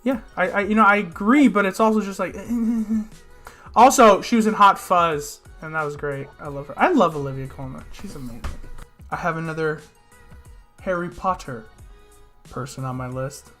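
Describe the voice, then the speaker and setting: A man co-hosting a casual podcast chat, excitable and jokey, quick to cut in. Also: sits high, soft background music. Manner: excitable and joking, quick to interrupt. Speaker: podcast co-host.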